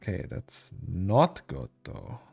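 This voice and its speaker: Slow, gravelly man streaming. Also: deep voice, huge pitch swings, darkish tone. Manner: rambling, musing aloud to himself and chatting to viewers. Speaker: 3D artist streaming his work. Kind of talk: casual live-stream chat while working. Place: home office. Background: faint lo-fi music.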